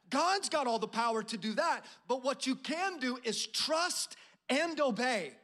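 A man's voice: very high voice, expressive, unhurried, sharp tone. A middle-aged male pastor preaching a sermon, prompting the congregation to answer and acting out a proud general's complaints. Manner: preaching with call-and-response prompts.

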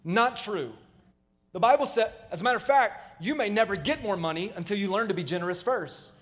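A man's voice: sits high, animated, a little fast, fairly bright tone. A male pastor preaching a sermon, emphatic, calling out to the congregation for responses. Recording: live sermon with long hall reverb.

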